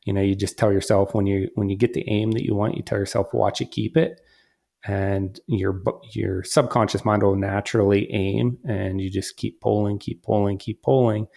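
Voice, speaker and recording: A hunter and father casually telling a story about a hunt, animated and full of quoted dialogue and restarts. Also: lowish voice, moderate pace, vocal fry, hardly any pauses. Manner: animated, quotes himself and others, frequent restarts.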